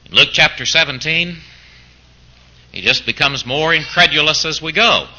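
A man's voice: on the high side, normal speed, sharp tone, lo-fi sound. A man preaching a sermon who keeps throwing out mock-incredulous rhetorical questions, as if arguing back in the voice of a doubter.

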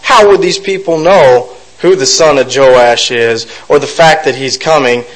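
A man's voice: medium pitch, measured pace, poor audio. Man reading scripture with musing asides. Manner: reads aloud with frequent fillers and self-corrections. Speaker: Bible study teacher.

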